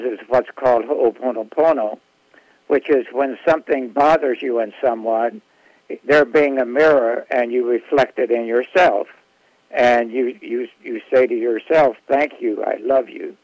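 Guy on a radio talk show, stops and restarts a lot, dry close sound, pretty average pitch. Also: no room sound, poor audio. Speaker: radio show guest, therapist. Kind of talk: casual radio interview.

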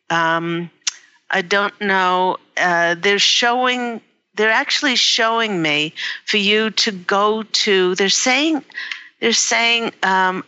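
A woman giving a live-streamed spiritual card reading, halting and emotional, with many fillers. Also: medium pitch, sharp tone, smooth, muffled recording. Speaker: psychic reader. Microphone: livestream device mic.

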